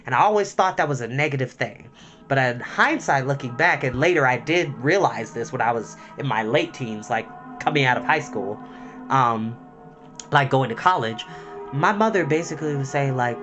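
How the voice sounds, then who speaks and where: Heartfelt young man talking to camera. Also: medium pitch. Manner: emotional, heartfelt and chatty, with many fillers. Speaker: storytime host. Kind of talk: personal talk to camera.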